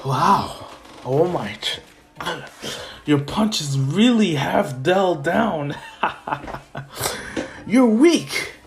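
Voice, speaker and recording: A man's voice: fairly high pitch, very animated, extremely slow, creaky, full character voice. Young man playing a gloating supervillain. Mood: taunting. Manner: taunting, chuckling. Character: gloating sly male supervillain, mocking.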